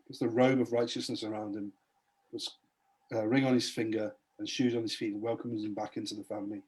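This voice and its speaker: A man's voice: on the low side, little pitch movement, a little fast, darkish tone. A man giving a spoken testimony as a podcast guest, earnestly retelling a Bible story in a preacher-like way.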